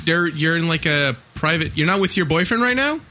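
A young man co-hosting a rowdy radio call-in show, with a high, bright voice that swings all over. He teases the caller crudely and breaks into laughs. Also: lively intonation, a little fast. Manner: loud, crude, teasing, laughing. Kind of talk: rowdy casual talk with a caller.

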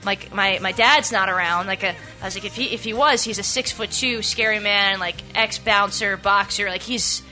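On a laid-back radio show, a young female co-host recounts a story with lots of energy, cursing openly and performing other people's lines. She talks at normal speed in a medium pitch, barely pausing, over soft background music.

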